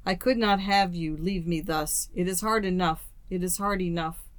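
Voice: medium pitch, moderate pace, dry recording, natural voice. A storyteller reading the lines of a young woman in a storybook, tearful and resigned, spoken mournfully.

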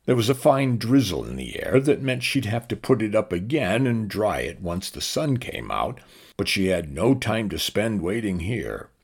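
A male audiobook narrator with a deep, gravelly voice and a husky grain. His reading is lively and expressive, and his pitch roams widely as he moves through the story. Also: moderate pace. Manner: expressive, shifts pitch for each character.

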